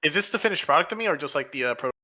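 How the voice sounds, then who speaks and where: Bright, giggly woman player. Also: low-pitched, animated, racing. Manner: giggly and joking. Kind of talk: casual tabletop banter.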